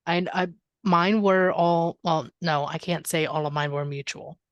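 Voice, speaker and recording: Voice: mid-range voice, steady tone, unhurried, dry recording, lo-fi sound. Attentive podcast co-host, dry sound. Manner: attentive and agreeable, asks reflective questions. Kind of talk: casual heartfelt conversation.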